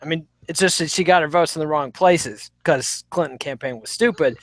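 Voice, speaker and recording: High-voiced ranting man, dry. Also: brisk, a bit bright, no echo. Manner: emphatic, ranting. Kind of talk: opinionated podcast chat.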